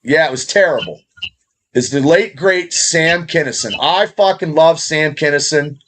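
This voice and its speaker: Brief: middle-aged guy, loose, cussing podcast host, slightly high voice. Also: fairly bright tone. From Indiana, USA. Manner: profane, rambling, fast. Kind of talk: casual podcast chat.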